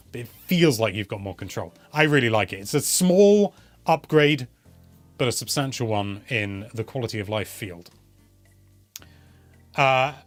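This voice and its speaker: In a mid-range voice with no echo, a young man runs a casual live question-and-answer stream. His replies are chatty and wandering, and he often corrects himself partway through a sentence.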